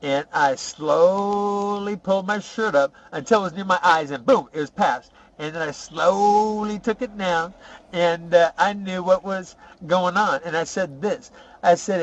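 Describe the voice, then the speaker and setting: A boastful, foul-mouthed ex-convict spins rambling prison tales, as a man puts him on for a comedy podcast. His voice sits fairly high and cocky, with plenty of rough swearing and "okay?" tags. The recording is dull and lo-fi. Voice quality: rough, profane, rambling storyteller. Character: boastful tough male ex-convict telling prison stories. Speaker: podcast host in character. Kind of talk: comic character monologue.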